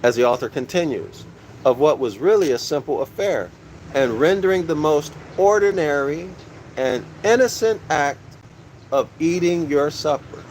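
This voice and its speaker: A man's voice: on the high side, animated, normal speed, darkish tone, slight background noise, low-quality recording. A man giving a teaching lecture from a book, repeating key phrases and asking his listeners questions, calling them "y'all".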